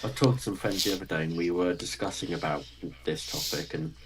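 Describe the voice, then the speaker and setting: A man's voice: sits low, a little fast, crowd noise. A British man from the United Kingdom chatting casually with dry, teasing humor. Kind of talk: casual chat.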